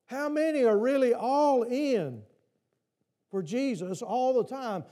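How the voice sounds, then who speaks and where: High-voiced pastor with a mellow tone. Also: male voice, animated, slow. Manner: asks the congregation repeated questions. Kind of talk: sermon. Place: church.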